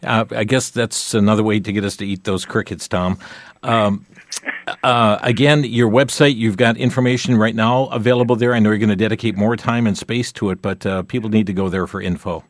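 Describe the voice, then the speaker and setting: A man's voice: fairly low pitch, steady tone, brisk, dry recording. A man hosting a call-in radio show, taking callers and talking with his guest in a folksy, affirming way.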